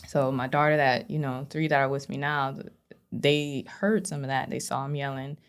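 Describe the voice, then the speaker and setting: Low, gravelly-voiced woman telling her story. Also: fairly even intonation, moderate pace. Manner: earnest, frequent "you know" fillers. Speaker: podcast guest, abuse survivor. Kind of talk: candid personal storytelling.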